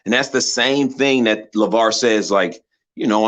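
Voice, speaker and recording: A man's voice: fairly low pitch, unhurried, fairly bright tone, muffled recording. A man hosting a sports channel, giving a passionate, preachy commentary full of rhetorical questions. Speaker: channel host.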